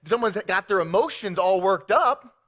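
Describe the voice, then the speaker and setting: Pastor, male, middle-aged: animated sermon delivery, fairly high lively voice. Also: normal speed. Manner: animated storytelling with playful acted quotes.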